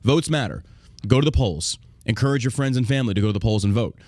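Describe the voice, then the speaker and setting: A man's voice: medium pitch, quick pace, a little mellow, dry recording. An American man hosting a podcast, talking in a casual, profane and combative way, often laughing. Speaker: podcast host.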